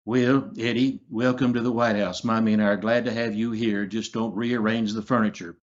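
A man's voice: on the low side, level tone, moderate pace, lightly acted. A man doing a folksy old-president impression. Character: impression of an elderly male former president, folksy. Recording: slightly muffled audio.

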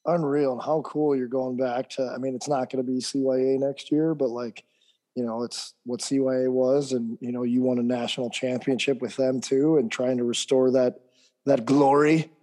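A man co-hosts a casual podcast, hyped and playful. His voice sits dark and mellow, and he throws in easy bro slang. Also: mid-range voice, fairly even intonation, normal speed. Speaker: podcast co-host and strength coach.

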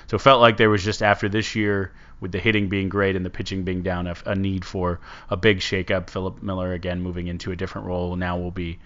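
A man with a fairly low voice hosts a casual sports talk show. His delivery rambles and halts as he works through his thoughts. The recording sounds dull and lo-fi. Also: level tone, fast, few pauses, fairly bright tone. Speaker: sports podcast host.

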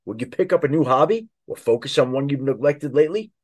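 A man reading a sponsor advertisement on a podcast, smooth and measured. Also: medium pitch, lively intonation. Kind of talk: read advertisement.

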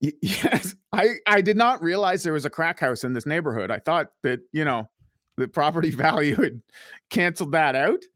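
A man's voice: on the high side, lively intonation, normal speed, fairly bright tone, no room sound, studio quality. A man with a Canadian accent, co-hosting a casual podcast, rambling with lots of fillers and swearing. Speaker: podcast co-host. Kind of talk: casual profane banter.

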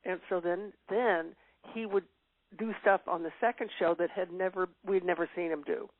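A woman's voice: on the low side, fairly even intonation, normal speed, no room sound. An older woman as an interview guest, reminiscing in casual chat with frequent fillers and laughs. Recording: tinny phone-line sound.

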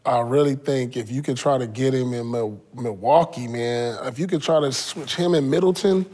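A man's voice: medium pitch, normal speed, mellow. A man co-hosting a casual sports chat, laid-back and agreeable. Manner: laid-back, agreeing interjections, laughs along. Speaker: co-host.

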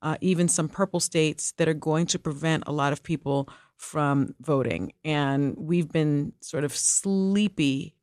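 A woman's voice: low-pitched, a little mellow, no room sound, studio quality. A woman co-hosting a podcast, giving her opinions in an emphatic, casual way. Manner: emphatic, opinionated, quick asides. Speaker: co-host.

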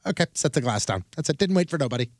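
A man's voice: fairly high pitch, very fast, dry recording. St. guy on a radio show, tells stories big and does all the voices, dead dry mic. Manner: animated storyteller, acts out quotes. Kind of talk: casual banter.

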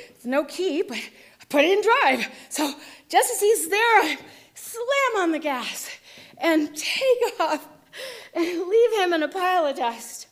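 A woman with a high, light voice tells a personal story with vivid drama. She moves from hushed tension to loud outbursts as she relives it. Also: animated, measured pace. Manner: vivid, dramatic retelling, shifting between hushed and shouting.

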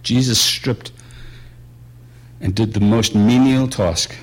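A man preaching a sermon in a conversational way, moving between quiet musing and raised emphasis. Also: fairly low pitch, slow. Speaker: pastor.

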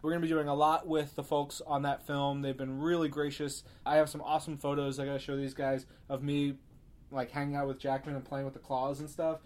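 A man's voice: fairly high pitch, level tone, a little fast, a little mellow. A man hosting a casual podcast, telling an upbeat story in a joking way. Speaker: podcast host. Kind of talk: casual chat.

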